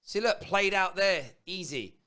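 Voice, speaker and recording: A man, hosting a casual football watchalong with animated, laughing banter. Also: high-pitched, a little slow. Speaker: host of a football fan show. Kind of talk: casual live match watchalong chat.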